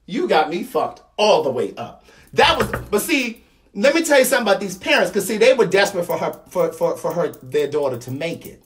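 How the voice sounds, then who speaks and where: A man's voice: high-pitched, sing-song, a little fast, recorded from a distance. A man in his thirties with a Baltimore accent, giving a blunt, slangy commentary monologue, repeating points for emphasis. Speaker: vlogger.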